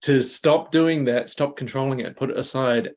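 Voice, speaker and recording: A man's voice: medium pitch, moderate pace, a little mellow. A man joining a group discussion, thinking aloud with many hesitations and restarts. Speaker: participant. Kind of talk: casual discussion.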